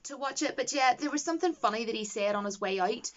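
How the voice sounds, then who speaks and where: A woman's voice: fairly high pitch, lively intonation, fast talker, dull audio. A young woman, reviewing a TV episode in a casual, enthusiastic and rambling way. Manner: enthusiastic, rambling, gushing with praise.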